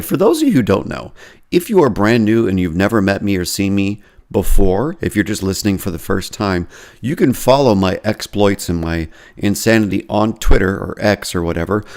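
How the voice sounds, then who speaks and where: A man hosting a podcast, casually reading and commenting on social media posts with self-deprecating asides. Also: on the low side. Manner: self-deprecating, chatty, lots of restarts. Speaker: podcast host and therapy professor.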